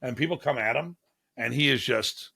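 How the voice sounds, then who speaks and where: A man from Buffalo, New York spins casual stories as a guest, his voice gravelly and bright. He acts out the people he quotes with animated jumps in his delivery. The sound is dry and close. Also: medium pitch, normal speed, dry recording. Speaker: guest, martial arts instructor. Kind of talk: casual storytelling.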